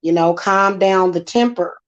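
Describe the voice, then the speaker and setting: A woman's voice: on the low side, a little slow. A woman, hosting a casual, sassy monologue with many fillers. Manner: chatty, sassy, repetitive fillers. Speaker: spiritual channel host. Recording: dull lo-fi sound.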